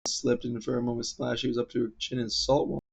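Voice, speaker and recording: A man's voice: level tone, gravelly, a little hiss or hum. A man hurrying through a storybook read-aloud, with slips and restarts. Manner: hurried reading with slips and restarts. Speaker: reader. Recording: low-quality dull recording.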